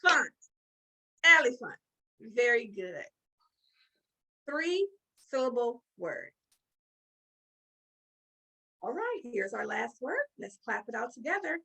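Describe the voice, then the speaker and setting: A woman's voice: a little high, sing-song, vocal fry, a bit bright, husky, low-quality recording. A woman teaching a children's phonics lesson, encouraging and drawing out words as she claps along. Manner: slow, sing-song and encouraging, drawing out words.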